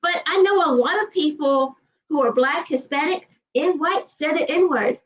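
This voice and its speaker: This livestream host from Georgia, USA, has a high voice and a Southern accent, speaking quickly and emphatically in casual chat with frequent repetition. She sits far from the mic, leaving the sound dull and recessed.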